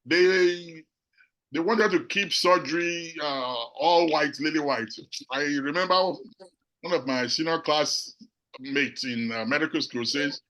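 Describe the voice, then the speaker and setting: A man's voice: fairly high pitch, sharp tone, poor audio. Earnest immigrant man answering a panel. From abroad, immigrant to the United States. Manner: earnest, measured, reflective. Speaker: professor and physician on a panel.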